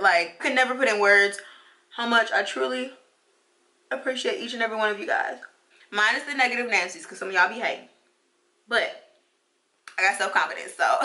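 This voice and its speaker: A woman's voice: medium pitch, pushed and bright. A woman in her twenties, a beauty vlogger and law student, chatting casually while getting ready and talking emphatically, repeating phrases to drive her encouragement home. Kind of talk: casual get-ready-with-me chat.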